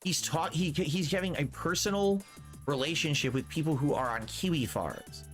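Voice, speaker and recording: A preachy streamer man, slightly high. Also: faint music behind. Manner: preachy, drawn-out, repeats his warnings. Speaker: live streamer. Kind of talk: streamer commentary lecturing his viewers.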